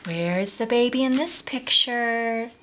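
A woman's voice: fairly high pitch, slow pace, a bit bright, a little hiss or hum. A woman reading a picture book aloud to young children at story time. She speaks in a sing-song way, asks the children questions and drops into whispers for asides.

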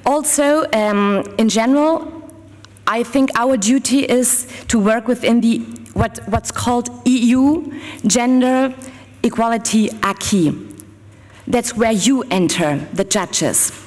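A woman's voice: fairly high pitch, slow pace, a little mellow, big-room sound. A woman with a German accent giving a talk at a conference as a lawyer. She speaks casually to the audience, laughs easily and sometimes searches for words. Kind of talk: public talk at a forum.

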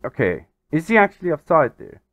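A man hosting a gaming channel, giving excitable, exasperated let's-play commentary over a football management game. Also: on the high side, a little fast, no room sound. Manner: exasperated, excitable, swears mildly.

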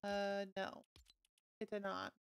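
A woman streaming a video game live, chatting casually to her viewers and gushing excitedly over new items. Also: medium pitch, slow, creaky, clear, resonant tone. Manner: bubbly, gushing and easily excited. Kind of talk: casual live-stream chat while playing.

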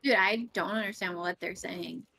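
A woman's voice: lowish voice, steady tone, normal speed, gravelly, pushed and bright. A woman on a live stream playing a shooter game, nervous and asking her teammates lots of questions. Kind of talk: casual game chat.

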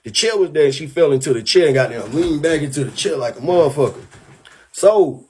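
A young man telling a heated, profane story on his livestream, animated and worked up. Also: on the high side, a little fast, husky. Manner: profane, animated, keeps saying "bro".

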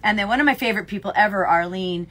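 A woman's voice: mid-range voice, racing, a crowd in the background. A middle-aged woman co-hosting a casual chat, telling stories animatedly and laughing often. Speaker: podcast co-host, yarn shop owner.

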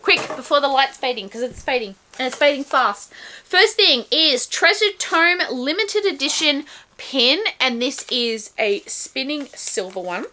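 A woman reviewing a subscription book box, excitedly unboxing and gushing over each item in casual chat. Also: high voice, unhurried.

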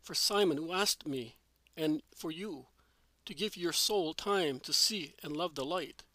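A calm, solemn male teacher speaks kindly, voiced by a male reader. He sounds fairly high-pitched for a man. The recording is dry and close. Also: unhurried, no echo. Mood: gentle.

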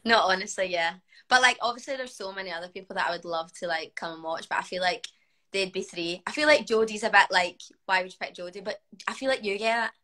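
A woman in her twenties with a Scottish accent, a footballer chatting casually on a livestream, animated and full of "like". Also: mid-range voice, quick pace, rough recording. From Scotland. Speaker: guest footballer.

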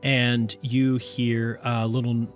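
Chill dude narrating a tabletop game, talks casually, ums and likes. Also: male voice, medium pitch, slow pace, faint music behind. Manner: relaxed, conversational narration with fillers. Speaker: game master.

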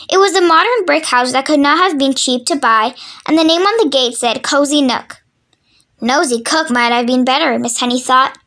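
A woman reading a children's book aloud with steady, clear storytelling. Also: high-pitched. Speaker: storybook reader.

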